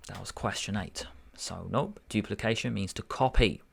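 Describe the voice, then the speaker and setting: Deep gravelly male tutor thinking aloud. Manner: musing, unhurried, self-correcting. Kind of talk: thinking aloud through a test paper.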